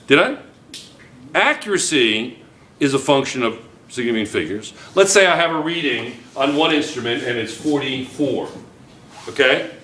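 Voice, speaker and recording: A man teaching a chemistry class, lecturing with lots of quick checks on whether students follow. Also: a little high, reverberant, slight background noise. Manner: lively, keeps checking students with "yes or no?".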